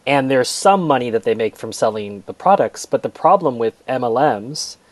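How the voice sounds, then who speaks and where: Male book reviewer, casual and conversational, mid pitch, dry close recording. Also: animated, moderate pace, no echo. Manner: conversational, frequent restarts and repeated words.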